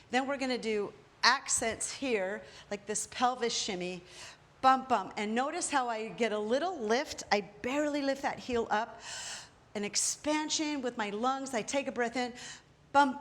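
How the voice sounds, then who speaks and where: Woman coaching belly dance, kinda high voice, calls out each step in rhythm while moving. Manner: energetic, counts moves aloud with rhythmic cues. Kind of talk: live dance instruction while demonstrating.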